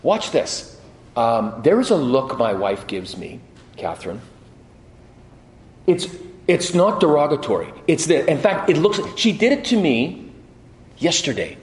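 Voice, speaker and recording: Animated preacher in an echoey hall. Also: male voice, fairly high pitch, measured pace, pauses often. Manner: animated storytelling with quoted voices and restarts. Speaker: pastor. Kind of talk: sermon.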